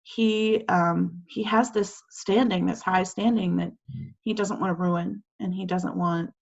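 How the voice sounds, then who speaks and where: A woman teacher explains quiz answers to her class in a loose, chatty way, full of fillers and little acted-out lines. Her voice sits fairly low and has a gravelly edge. The audio comes through a video call and sounds dull and lo-fi. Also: steady tone, unhurried, a little mellow. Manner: chatty, filler-heavy, acts out quotes. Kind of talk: casual lesson over video call.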